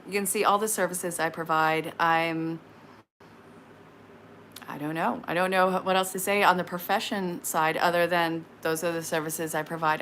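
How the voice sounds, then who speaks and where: A woman's voice: fairly low pitch, fairly bright tone, a little hiss or hum. Chatty woman in her thirties reading tarot. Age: 30s. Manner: chatty, frank, quick asides and laughs. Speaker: tarot reader on a live stream. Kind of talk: casual live-stream tarot reading.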